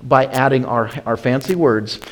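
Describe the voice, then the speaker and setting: A man preaching a sermon as pastor. He swings from loud, rising emphasis to hushed, slow passages, repeats phrases and calls his listeners "my friends.". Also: mid-range voice, poor audio.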